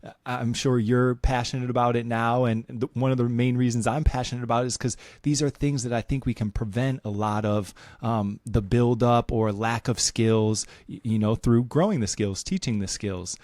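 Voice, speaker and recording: A man's voice: mid-range voice, steady tone, moderate pace, a little mellow, dry recording, studio quality. Reflective man in his thirties hosting. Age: 30s. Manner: reflective, thinks aloud with restarts and fillers. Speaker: podcast host. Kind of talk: casual podcast conversation.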